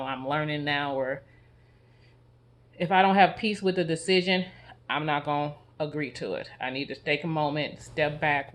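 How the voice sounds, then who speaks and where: A man speaking in a personal, reflective vlog, earnest and confessional, often halting and restarting his sentences. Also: on the high side, fairly bright tone. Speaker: vlogger.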